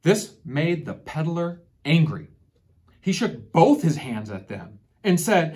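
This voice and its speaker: A woman whose voice is on the low side reads a picture book aloud to kids, deliberate and full of expression. She closes by asking her listeners about its lesson.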